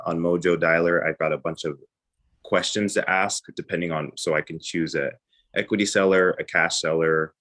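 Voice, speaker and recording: A man's voice: a bass voice, fairly bright tone. A man who works as a real estate agent, casually describing his calls and acting out both sides of them. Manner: casual, acts out phone calls. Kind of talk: casual guest account.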